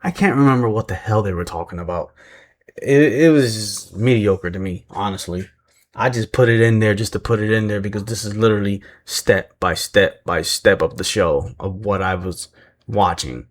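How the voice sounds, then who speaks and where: Casting note: male wrestling-recap vlogger with a lowish voice, chatty and self-deprecating, loose and rambling. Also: moderate pace. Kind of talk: casual recap commentary.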